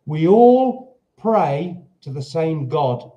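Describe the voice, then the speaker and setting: His voice sits on the high side, mellow, with lively intonation and a measured pace. A British man livestreaming casually from home in Portugal, he reads viewer comments in a rambling way and interrupts himself to talk to his dog.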